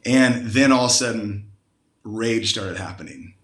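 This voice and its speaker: A man's voice: on the low side, lively intonation, measured pace, fairly bright tone. Earnest man telling his testimony, roomy sound. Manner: earnest, heartfelt storytelling. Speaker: guest panelist, Christian musician. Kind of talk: personal testimony on a live panel.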